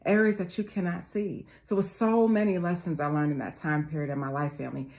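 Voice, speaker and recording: A woman's voice: on the low side, fairly even intonation, quick pace, darkish tone. A woman in her forties giving a motivational talk, preaching with repeated phrases and calling her listeners family. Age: 40s. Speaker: motivational speaker.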